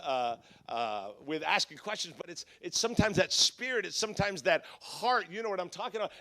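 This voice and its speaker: High-voiced joking pastor preaching. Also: male voice, bright, forceful tone. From Southern California. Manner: humorous, self-deprecating storyteller with frequent restarts. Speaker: guest conference speaker. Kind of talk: conference sermon with storytelling.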